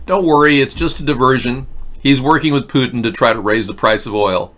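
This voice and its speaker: A man's voice: mid-range voice, brisk, fairly bright tone. A man hosting a livestream political rant, sarcastic, mocking and rambling as he talks to his chat. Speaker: host.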